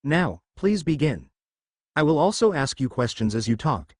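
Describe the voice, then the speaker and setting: Guy doing a soothing middle-aged doctor, calm and sure of himself, lively tone, dry sound. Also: fairly high pitch, no echo. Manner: measured, confident, sympathetic.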